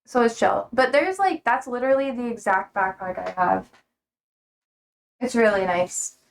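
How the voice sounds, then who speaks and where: A woman's voice: fairly high pitch, slight background noise. Chatty young woman rambling on stream. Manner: rambling, chatty, swears casually, quick to laugh. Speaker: live streamer. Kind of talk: casual chat to a live stream.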